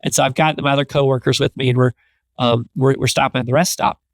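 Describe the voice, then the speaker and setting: A man guesting on an interview show, telling stories in an energetic, repetitive, casual way. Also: mid-range voice, quick pace, no room sound, clean studio sound. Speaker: guest, business executive.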